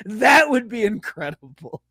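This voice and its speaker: A man's voice: sits high, big pitch swings, unhurried, pushed and bright, husky, dry recording. A man co-hosting a sports podcast in casual chat, laughing a lot and filling his talk with "like.". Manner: laughs a lot, uses many "like" fillers. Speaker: podcast co-host.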